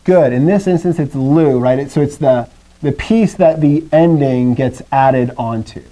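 A man teaches a class in a classroom. His voice is mellow and warm, with a pitch in the middle range. He recites drills and then explains things in a loose, chatty way, asking the students questions. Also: measured pace. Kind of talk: classroom lesson.

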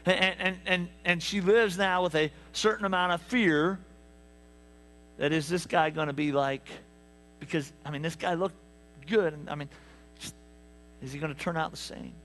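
A man preaching a sermon, telling stories with lively asides to the congregation. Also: fairly high pitch, moderate pace, long pauses. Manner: animated storytelling with asides to the congregation. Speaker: pastor. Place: church sanctuary.

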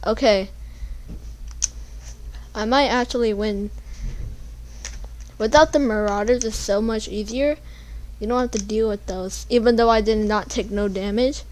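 A young woman giving casual gameplay commentary, panicking and pleading, then yelling at the game. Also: fairly high pitch, slight background noise. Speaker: gamer.

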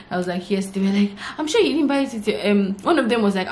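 A woman's voice: mid-range voice, fast, few pauses, a little mellow. A young woman in her twenties with a Nigerian accent, vlogging and telling a story casually, acting out what people said. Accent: Nigerian English. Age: 20s. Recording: roomy echo, faint background hiss.

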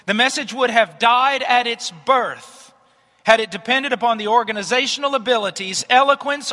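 Man preaching hard, sharp bright voice, long hall echo. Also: high voice. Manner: emphatic, declarative preaching. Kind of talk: sermon.

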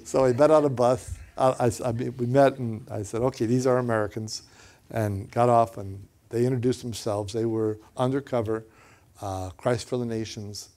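A man preaching and telling a personal story in a lively way, often repeating words and acting out what others said. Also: medium pitch, normal speed. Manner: animated, repeats words, acts out quotes. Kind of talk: storytelling sermon.

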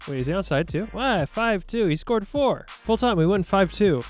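A young man giving casual, playful commentary over his own gameplay, joking at his own expense and bursting into excited shouts during play. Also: high voice, normal speed, faint music behind. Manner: playful, self-mocking, excitable bursts while playing. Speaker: gaming YouTuber.

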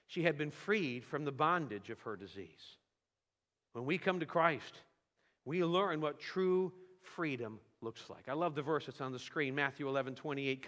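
A man's voice: a little high, animated, moderate pace, a bit bright. A man preaching a sermon as a visiting pastor, telling homespun stories with humor and animation. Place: church sanctuary. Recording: church hall reverb.

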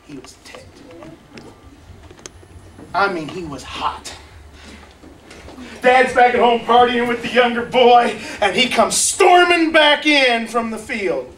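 A children's church teacher telling a Bible story to kids in a lively way and asking them questions. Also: medium pitch, slow, pauses often, a little hiss or hum. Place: church classroom. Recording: echoey room, far from mic.

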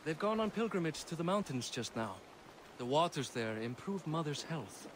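A man's voice: on the high side, sing-song, moderate pace, heavy background noise. An actor playing a proud, commanding Viking king who rebuilt his city. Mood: stern. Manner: commanding, stern.

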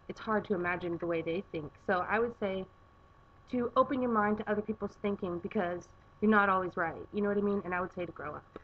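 A woman's voice: mid-range voice, lo-fi sound, slight background noise. A young woman chatting casually on her vlog from her garage, rambling with plenty of filler words. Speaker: vlogger. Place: home garage.

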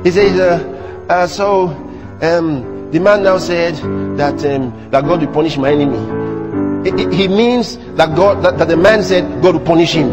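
A man preaching a sermon to a church congregation, animated, teasing the audience with rhetorical questions and mimicry. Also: on the high side, a little slow, big-room sound, over loud music. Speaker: pastor.

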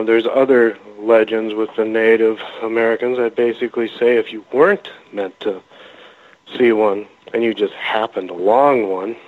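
Male radio guest calling in by phone; rambling, halting storyteller; thin, phone-like sound. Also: on the low side. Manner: rambling, halting, with many restarts. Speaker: guest, cryptid researcher. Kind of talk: casual storytelling interview. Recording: phone-line call-in audio.

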